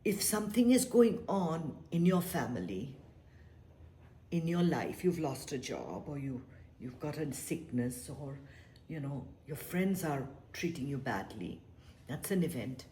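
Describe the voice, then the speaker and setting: A woman meditation teacher speaks slowly in a low voice. She is gentle and reflective, and sometimes drops into a whisper. Her talk is unhurried and spiritual. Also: animated, slight background noise.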